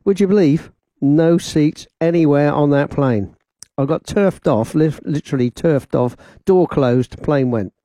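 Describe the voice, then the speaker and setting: A man's voice: fairly high pitch, unhurried, warm tone, dry recording. A man presenting a radio show from the studio, telling a rambling personal anecdote in a chatty way. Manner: chatty, rambling anecdotes with laughs and quoted voices. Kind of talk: casual radio storytelling. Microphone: studio microphone with headphones.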